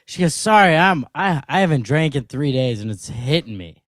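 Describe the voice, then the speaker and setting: A young man in his twenties co-hosts a podcast, his voice fairly high and swinging widely as he tells his stories. He laughs often, and the dry, close recording leaves no room sound. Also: moderate pace, dry recording. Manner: animated storytelling, laughs often. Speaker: podcast co-host. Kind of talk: casual podcast banter.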